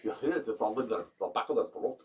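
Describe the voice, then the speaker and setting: A man's voice: fairly low pitch, expressive, fast, darkish tone, distant mic. A man co-hosting a casual live-stream chat, joking around and putting on mock accents. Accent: Ohio. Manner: playful, jokey, slips into mock accents. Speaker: co-host.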